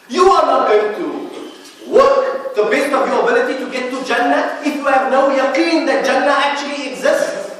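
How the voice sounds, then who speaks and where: A man's voice: extremely high pitch, a bit bright. A man with a South African accent giving a Friday sermon in a mosque, explaining patiently with light humour. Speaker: imam giving Friday lecture. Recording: echoey mosque hall, distant mic.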